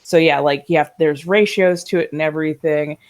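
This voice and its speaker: A woman's voice: sits low, fairly even intonation, normal speed. A woman co-hosting a casual chat, telling a story animatedly, acting out voices and laughing often, heard over a video call. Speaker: podcast co-host.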